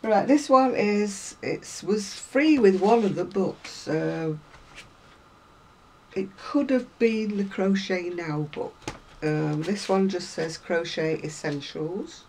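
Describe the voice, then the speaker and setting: A woman's voice: medium pitch, takes it slowly, slight background noise, rough recording. A woman chatting casually to viewers about craft magazines, rambling and self-deprecating, a little unwell. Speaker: craft vlogger.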